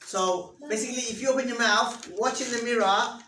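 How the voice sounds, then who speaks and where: A woman's voice: on the high side, steady tone, normal speed, hardly any pauses, a bit bright, slight background noise. Woman, teacher, patient step-by-step explanations, class repeats after her, distant mic, echoey room. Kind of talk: interactive class lesson.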